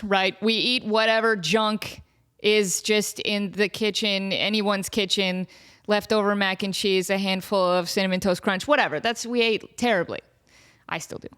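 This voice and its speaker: A woman podcast host telling a casual story in an animated, self-deprecating way, laughing often. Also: mid-range voice.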